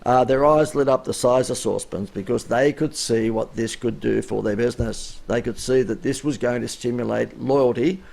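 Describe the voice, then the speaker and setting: A man talks through a business coaching session in a chatty, emphatic way, his sentences often lifting at the end. His voice is gravelly and sounds a little worn out, with a middle pitch. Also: moderate pace, few pauses, darkish tone. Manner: chatty, emphatic, rising inflection. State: voice wearing out. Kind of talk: live-streamed coaching talk.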